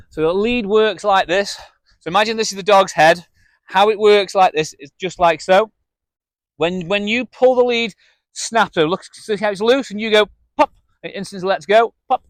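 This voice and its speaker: Brief: male dog trainer, fairly high voice, dry close sound, plain instructive delivery. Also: dry recording. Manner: direct and instructive, talking to camera while demonstrating. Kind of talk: hands-on training demonstration.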